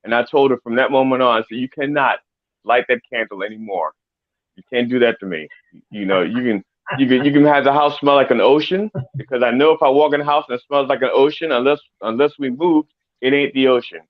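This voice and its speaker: A man's voice: medium pitch, fast. Stammering man telling a story, dull sound. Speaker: podcast co-host. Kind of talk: casual storytelling chat.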